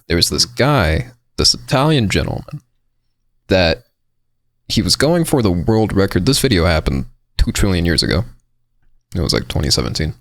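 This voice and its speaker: A man's voice: sits low, moderate pace, pauses often, no echo, clean studio sound. A man co-hosting a podcast, telling rambling stories in casual banter. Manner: rambling, animated storyteller. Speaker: podcast co-host.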